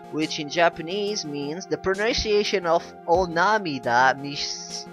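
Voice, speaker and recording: A let's-play host rambles through casual commentary on a video game, often stumbling over words. The voice is bright and forceful, with lively, swooping pitch.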